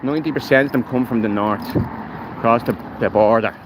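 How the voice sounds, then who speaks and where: A man's voice: medium pitch, fairly quick. A man with a Dublin accent giving blunt, heated commentary while walking outdoors, filmed on a phone. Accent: Irish, Dublin. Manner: blunt, heated, swears freely. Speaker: livestreamer. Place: outdoors on city streets. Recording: outdoor street recording with traffic noise.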